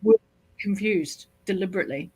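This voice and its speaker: A woman speaking at a middle pitch in a relaxed book club chat. She builds her argument step by step, calm and deliberate. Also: slightly rough, no echo, rough recording. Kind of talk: casual book discussion.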